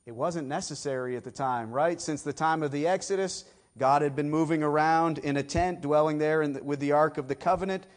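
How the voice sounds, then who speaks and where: Boston-accented male pastor preaching. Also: on the high side. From south of Boston. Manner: emphatic preaching with folksy asides. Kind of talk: sermon.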